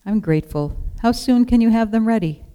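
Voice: mid-range voice, animated, a little fast, mellow, clear, resonant tone, pitched above the performer's own voice, close to an everyday voice. A reader voicing a polite, earnest widow and mother in a storybook reading.

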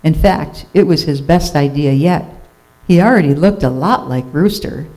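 A storyteller reading a children's picture book aloud with expressive, playful delivery. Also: mid-range voice, normal speed, rough recording.

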